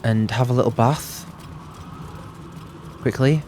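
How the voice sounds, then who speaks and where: A man hosting a let's play, chatting excitedly and thinking aloud as he plays. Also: medium pitch, takes it slowly, soft background music. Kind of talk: gaming commentary.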